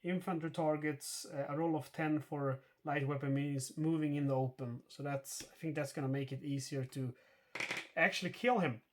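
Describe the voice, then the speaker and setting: A man's voice: fairly high pitch, steady tone, normal speed. A man narrating a solo board game playthrough, thinking aloud with many fillers and self-corrections as he explains each rule and dice roll. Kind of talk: casual explanatory playthrough commentary.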